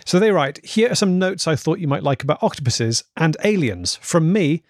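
A man's voice: fairly high pitch, very animated, normal speed, few pauses, no echo. A man from England co-hosting a comedy podcast, reading listener emails aloud with dry amusement. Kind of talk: casual chat.

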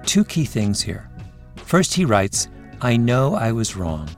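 A male podcast host narrating a scripted story in a measured way, with interview clips in between. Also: medium pitch, very animated, soft background music.

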